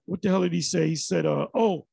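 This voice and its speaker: A man with a raspy, gravelly, somewhat high voice delivers loose, casual commentary. He rambles, restarts sentences and sounds exasperated. The sound is dry and close. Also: brisk, mellow, no echo. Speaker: religious commentary vlogger.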